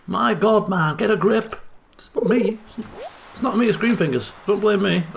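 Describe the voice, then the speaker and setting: A young man giving excitable let's play commentary, chattering and repeating phrases in bursts. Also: high voice, normal speed, vocal fry, slight background noise. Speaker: gaming channel host.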